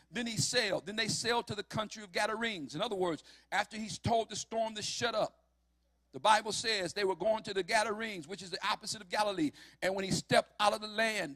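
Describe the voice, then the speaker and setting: A man preaching a sermon, emphatic and building to shouts on key lines. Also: high-pitched, dry recording.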